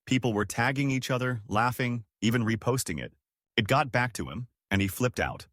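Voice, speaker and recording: Male narrator for a story read-out, wry delivery, animated pitch, dry close sound. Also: normal speed, dry recording. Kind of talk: scripted narration of reader stories.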